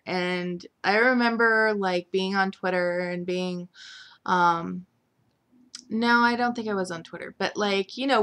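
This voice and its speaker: Woman, casual recap vlogger, bright voice, rambling, lots of fillers. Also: mid-range voice. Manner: rambling, filler-heavy with frequent "like" and "um". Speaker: soap opera recap vlogger.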